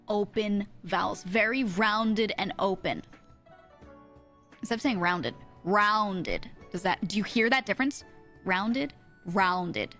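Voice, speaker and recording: A woman's voice: on the high side, a bit bright. A young woman from New Jersey with a New Jersey accent, chatting casually with her stream and laughing often as she reads chat aloud.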